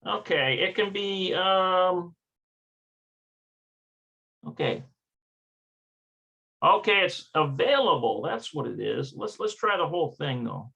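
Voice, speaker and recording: A man's voice: high-pitched, expressive, takes it slowly, gravelly, long pauses, pushed and bright, slightly rough, highs cut off. A man working through a textbook lesson aloud, hesitant and self-correcting as he sounds out words. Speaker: language learner teaching from a textbook. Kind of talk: thinking-aloud study session.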